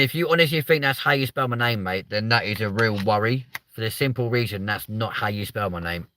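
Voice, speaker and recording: A young man hosting a livestream, chatting in a rambling, sweary way that jumps up in pitch when he gets riled. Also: sharp tone, no room sound. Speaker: livestream host. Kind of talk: casual livestream chat.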